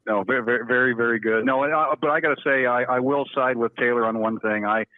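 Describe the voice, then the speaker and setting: A man's voice: mid-range voice, steady tone, fast, no echo. A man calling in to a podcast, rambling and joking with many stammered restarts. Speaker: caller. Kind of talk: phone-in chat. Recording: dull lo-fi phone line.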